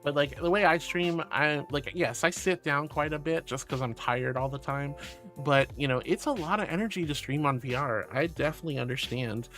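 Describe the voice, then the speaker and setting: A woman's voice: low voice, a little fast, a bit bright, soft background music. A woman streaming live, reading her chat aloud and answering in a gushing, affectionate way with sweet pet names and playful noises. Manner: playful, meows and rawrs. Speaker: VTuber streamer.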